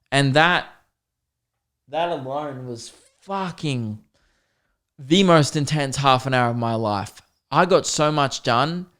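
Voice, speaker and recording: A man, hosting a podcast and telling a comedic story in an animated, mock-dramatic way with plenty of swearing. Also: mid-range voice. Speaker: podcast host.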